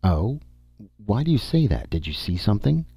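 A man voicing a brisk, calm woman explorer. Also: fairly low pitch, gravelly, husky, no echo, faint music behind, pitched above the performer's own voice, full character voice. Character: calm capable woman explorer in a pressure suit. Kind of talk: audiobook dialogue. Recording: dull dry recording.

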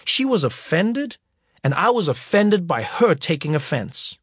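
A man's voice: high voice, a little slow, breathy edge, no room sound, clean studio sound. A man from Africa, narrating his memoir as an audiobook, acting out the scenes as he goes. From South Africa. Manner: lively storytelling that acts out scenes.

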